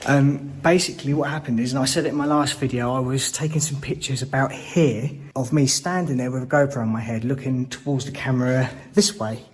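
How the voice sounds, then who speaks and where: A young man vlogging alone through a stripped, empty building, who swears when scared and breaks into panicked shouts. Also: medium pitch, fairly even intonation, fairly quick, few pauses, breathy edge. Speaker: ghost-hunting vlogger. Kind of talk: first-person exploration vlog.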